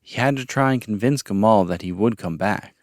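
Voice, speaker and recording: A man narrating a story podcast in a calm, measured reading voice. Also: fairly low pitch, no echo, clean studio sound. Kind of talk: audiobook-style story narration.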